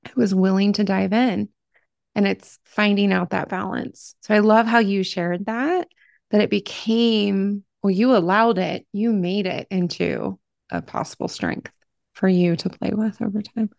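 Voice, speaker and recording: A middle-aged woman from Southern Ohio hosting a podcast, talking in an effusive, expressive way. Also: medium pitch, unhurried, gravelly, no room sound. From Southern Ohio, Appalachia. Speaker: podcast host. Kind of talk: conversational interview.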